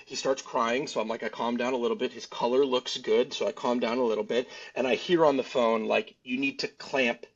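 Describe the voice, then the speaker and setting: A man's voice: mid-range voice, steady tone, fairly quick, hardly any pauses, breathy edge. A man on a podcast telling a story casually and animatedly, rambling and laughing between lines. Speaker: podcast guest. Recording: dull lo-fi sound.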